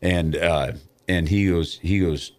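A middle-aged man telling a story as an interview guest, in a casual and animated way, acting out other people's lines. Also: deep voice, takes it slowly.

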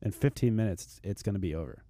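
A man's voice: on the low side, lively intonation, quick pace, mellow, no echo, clean studio sound. A man speaking as a fitness expert on a podcast, earnest and motivational, often repeating words as he starts a thought. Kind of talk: podcast chat.

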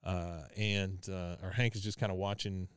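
A man's voice: low voice, little pitch movement, normal speed, clean tone, no room sound, studio quality. A man hosting a podcast, chatting casually as he recaps a cartoon episode and laughing as he goes. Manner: chatty, laughs often, many fillers. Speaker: podcast host.

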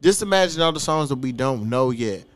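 A man in his thirties, hosting a casual podcast and talking in a profane, animated way with frequent laughs. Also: mid-range voice, brisk. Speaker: podcast host.

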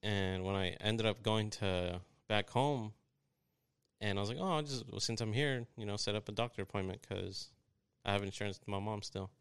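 A man's voice: lowish voice, moderate pace, a bit bright, clean tone, dry recording, clean studio sound. A young man from Texas, co-hosting a casual chat and retelling stories with lots of swearing and quoted voices.

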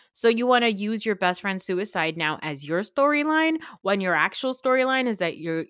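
A young woman hosts a casual TV recap podcast, sarcastic and profane, breaking into laughing asides. Her pitch leaps around with animated energy. The recording is dry and close, with no room sound. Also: no room sound. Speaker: podcast host.

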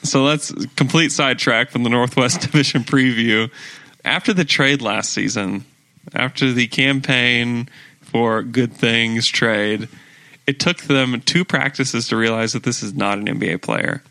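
Bright, rambling man talking basketball. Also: mid-range voice, normal speed. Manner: rambling, laughs often, restarts. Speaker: podcast host. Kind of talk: casual sports chat.

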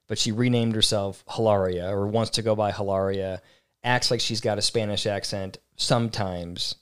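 A man co-hosting a relationship podcast, talking in a blunt, opinionated, animated way. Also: lowish voice, clear, resonant tone. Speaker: podcast co-host. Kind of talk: casual chat.

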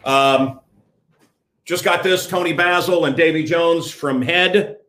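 A man's voice: fairly high pitch, takes it slowly, fairly bright tone. An older man hosting his own show, talking blunt and rambling in a casual monologue to camera. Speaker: host.

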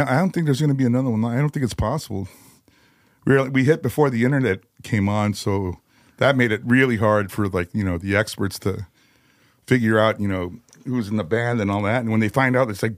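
A man's voice: mid-range voice, no echo, studio quality. A man, a guest on a podcast, telling loose, rambling stories full of "you know" and "like" in casual conversation. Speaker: guest musician.

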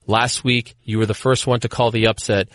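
A man hosting a sports radio show, energetic and excited as he reads promos and takes calls. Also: medium pitch, moderate pace, no room sound. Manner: energetic, excited, hypes upcoming segments. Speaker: radio host.

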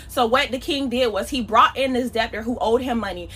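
Bright, high-voiced woman preaching. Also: a little fast, hardly any pauses, breathy edge. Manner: conversational, emphatic, slangy. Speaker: podcast preacher. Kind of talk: casual sermon.

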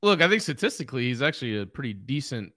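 A man's voice: medium pitch, sing-song, fast talker, pushed and bright. A man co-hosting a sports podcast, dropping in dry, teasing remarks. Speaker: podcast co-host. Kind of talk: casual sports podcast chat.

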